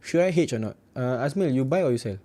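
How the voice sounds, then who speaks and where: A man's voice: mid-range voice, expressive, fast, mellow. A young man with a Singaporean English accent hosting a casual trading livestream, reading out viewer comments and tagging "right" onto his sentences in a blunt, joking way. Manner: chatty, repeats "right" often, blunt and joking. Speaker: forex trading livestream host.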